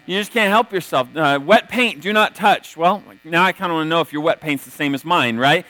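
A man's voice: a little high, fast talker, bright, forceful tone, dry recording, poor audio. A man preaching a sermon in a casual, conversational way, often checking in with "right?" and retelling scripture stories with energy. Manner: conversational, tags many points with "right?". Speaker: pastor.

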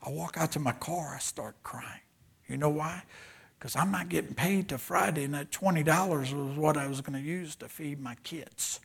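An older man from southeastern Louisiana, a pastor telling stories in a sermon, animated and dropping into hushed whispers for emphasis. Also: a little high, normal speed, vocal fry, slightly rough. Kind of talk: storytelling sermon.

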